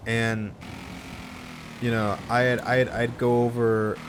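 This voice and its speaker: A young man telling a rambling personal story in casual chat, full of restarts and flaring up loud when annoyed. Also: mid-range voice, little pitch movement, takes it slowly, background noise. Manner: rambling with many restarts, gets worked up and loud. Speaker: podcast host telling a story.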